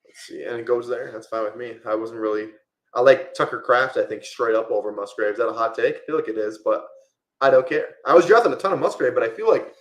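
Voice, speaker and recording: A man's voice: medium pitch, quick pace, echoey room. Chatty man streaming a fantasy draft. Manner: rambling, casual, lots of "like" fillers. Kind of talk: live-stream draft commentary.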